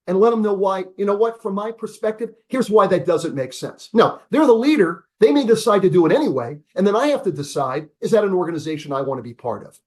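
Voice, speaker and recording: An energetic man in his seventies with a notably high voice teaches over a video call. He stresses key words, repeats them, and poses rhetorical questions to his listeners in a professor's lecturing style. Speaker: business school professor.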